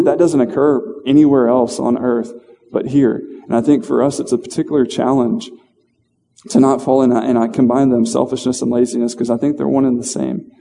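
Man, informal sermon, flat delivery, mellow voice, lots of restarts. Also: mid-range voice, vocal fry, in a large hall. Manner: conversational, self-deprecating, halting with fillers and restarts. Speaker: lay preacher. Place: church hall.

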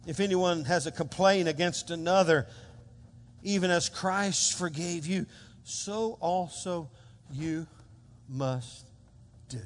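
A pastor delivers a lively sermon in a church sanctuary, his fairly high voice carrying through a long, echoing reverb. He calls out to the congregation for answers. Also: takes it slowly. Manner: animated, calls for congregation responses.

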